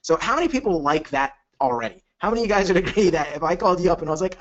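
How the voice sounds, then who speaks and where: A man's voice: sits high, expressive, very fast, highs cut off. A man coaching on a live webinar, talking with energy and acting out quoted phone calls. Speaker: network marketing coach.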